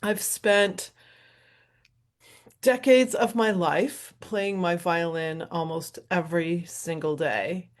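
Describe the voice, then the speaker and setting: A woman's voice: fairly low pitch, slow. A middle-aged woman hosting her show, talking in a casual, rambling solo monologue with frequent laughs. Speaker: host and professional violinist.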